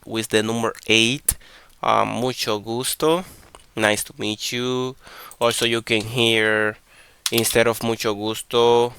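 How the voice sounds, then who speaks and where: Slow, clear-voiced teacher man. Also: fairly low pitch, bright, forceful tone, no echo. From Dominican Republic. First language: Spanish. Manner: patient, repeats and checks with "okay?". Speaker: Spanish teacher. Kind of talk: online language lesson.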